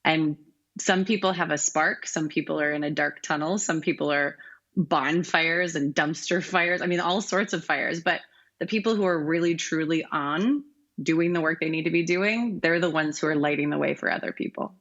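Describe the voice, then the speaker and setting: Gravelly-voiced woman guest, muffled sound. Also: deep voice, moderate pace, fairly bright tone. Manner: upbeat, encouraging, vivid. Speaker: guest, brand strategist and speaker. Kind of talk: casual interview chat. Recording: dull lo-fi sound.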